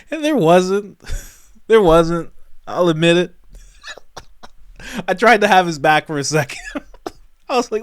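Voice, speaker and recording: A man hosting a comedic reaction commentary show, animated and breaking into laughter often. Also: a little high, slow, pauses often, clean tone, no echo, clean studio sound.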